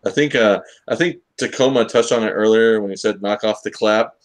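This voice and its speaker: A man with a fairly low voice hosts a casual live-stream comics talk show, speaking a little fast. He jokes and rambles, leaning on lots of fillers.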